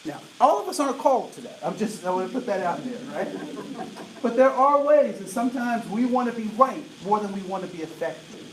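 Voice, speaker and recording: A man in his late forties giving an energetic diversity talk to an audience, often asking "right?" to check in with them. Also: high voice, brisk. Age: 40s. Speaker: diversity trainer. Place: large room with an audience. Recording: roomy echo, voice from a distance, faint noise.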